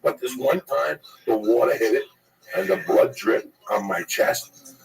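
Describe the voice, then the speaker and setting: A man telling a profane, animated comedy story and acting out the voices of the people in it, as if on a podcast. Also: medium pitch, vocal fry, distant mic, low-quality recording. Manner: profane, rapid, acts out the voices.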